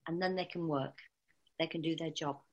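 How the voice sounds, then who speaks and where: A woman calmly explaining dog training, speaking in an instructional way with small restarts. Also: deep voice, moderate pace, highs cut off. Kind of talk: spoken instruction.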